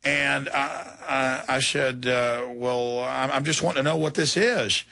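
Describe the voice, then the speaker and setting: A man's voice: mid-range voice, fairly even intonation, unhurried, creaky, bright, forceful tone. A middle-aged man hosting talk radio, tired after a very long broadcast, telling a story in a rambling, heated way with many restarts. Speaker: radio host.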